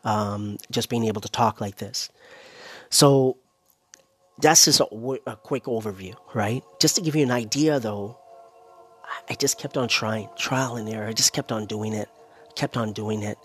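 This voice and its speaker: A man's voice: on the low side, moderate pace, fairly bright tone. A man talking casually on his own as a content creator, rambling and tagging lines with "right?", a little short of breath. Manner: rambling, keeps adding "right?" and "you know". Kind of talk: casual solo monologue.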